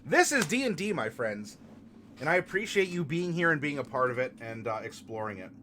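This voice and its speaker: A man hosting a casual live stream and answering viewer comments, playful and fond of puns, turning gentle and consoling when a viewer is sad. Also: on the high side, sing-song, fairly quick, slight background noise. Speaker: streamer hosting a tabletop game channel. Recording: music playing clearly behind the voice.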